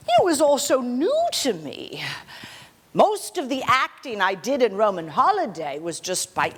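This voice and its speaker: A woman's voice: fairly high pitch, exaggerated voice. A woman portraying a gracious aging screen star. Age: 60s. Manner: soft, gracious storytelling with frequent light laughter. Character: gracious aging film actress reminiscing, gentle and modest. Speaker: actor in a one-woman portrayal. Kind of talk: theatrical monologue. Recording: long reverb of a hall.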